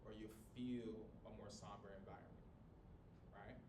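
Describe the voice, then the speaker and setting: A man teaching a college class in a small room without a microphone. He talks in a lively, joking way and swings his volume and pitch up and down to demonstrate. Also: normal speed. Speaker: college instructor. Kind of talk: classroom lecture. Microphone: no microphone, recorded from across the room. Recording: echoey room from a distance with low rumble.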